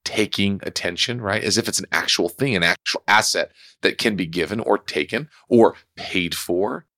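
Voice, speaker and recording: A man with a low, sharp-toned voice speaks at normal speed, recorded cleanly in a studio with no echo. Hosting his own podcast solo, he tells a personal story in a reflective, conversational way.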